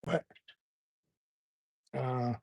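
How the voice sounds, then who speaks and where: A man's voice: very slow, a little mellow. Rambling retired military man chatting live. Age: older. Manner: rambling, conversational, repeats words while thinking. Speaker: livestream host. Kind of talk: casual livestream chat.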